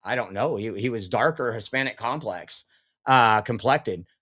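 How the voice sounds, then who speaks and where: A man's voice: medium pitch, normal speed, a bit bright. A man hosting a political commentary show, telling rambling anecdotes in a casual, chatty way.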